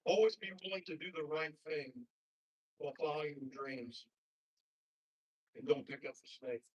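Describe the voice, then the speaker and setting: A man's voice: on the high side, moderate pace, muffled recording. A man who coaches basketball giving an earnest commencement speech to graduates, repeating plain advice. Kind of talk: commencement speech with a told story. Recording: husky voice from far off the mic.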